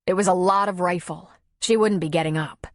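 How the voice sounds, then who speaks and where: Audiobook narrator, woman, lower voice, dry close studio sound. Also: fairly quick, no room sound. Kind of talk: scripted narration.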